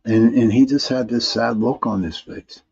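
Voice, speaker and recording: A man's voice: mid-range voice, fairly even intonation, normal speed, gravelly, a little mellow, breathy edge, muffled recording. A man hosting a live paranormal talk stream, reading viewer comments in a rambling way, often restarting and repeating words.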